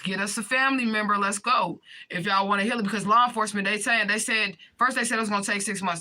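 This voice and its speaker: A woman's voice: lowish voice, bright, forceful tone, low-quality recording. A woman in a direct-to-camera vlog rant, swearing often and pleading with emphatic repetition. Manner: impassioned, pleading. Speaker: vlogger addressing viewers.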